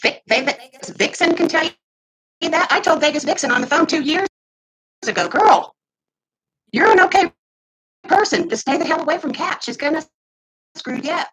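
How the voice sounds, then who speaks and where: A woman in her fifties venting heatedly to her camera, swinging between loud outbursts and muttered asides. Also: sits high, brisk, poor audio. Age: 50s. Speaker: vlogger. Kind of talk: casual ranting to camera.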